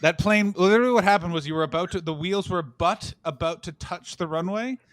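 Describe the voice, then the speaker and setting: A man co-hosting a comedy podcast, telling rambling, animated stories full of swearing and quoted voices. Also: high voice, fairly quick, no room sound. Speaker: podcast co-host. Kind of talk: casual comedic chat.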